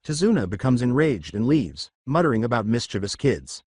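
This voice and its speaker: A man reading scripted fan-fiction narration in an even way. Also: mid-range voice, fairly quick, slightly rough, no echo, studio quality.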